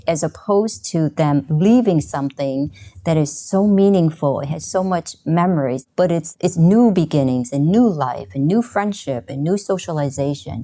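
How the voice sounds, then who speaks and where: A woman's voice: low-pitched, warm tone. A woman hosting an interview podcast, speaking in a supportive, reflective way. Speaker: podcast host. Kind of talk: interview conversation.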